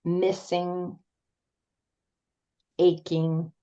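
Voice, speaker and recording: A woman speaking to a support group as guest, telling a personal story in an earnest, halting way with many restarts. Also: on the low side, flat delivery, mellow, dull audio.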